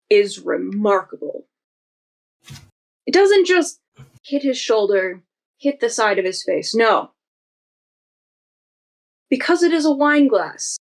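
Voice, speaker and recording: A woman narrating a tabletop game as game master, vivid and unhurried. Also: a little high, rough recording.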